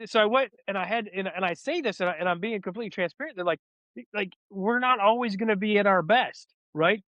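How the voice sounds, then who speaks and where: A man talks fast and candidly, looping back over his words as he tells a personal story. His voice sits a little high for a man. The audio is dull and lo-fi. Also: fairly bright tone, no room sound. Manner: rambling, repeats words as he restarts. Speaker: guest, former soldier turned wellness advocate.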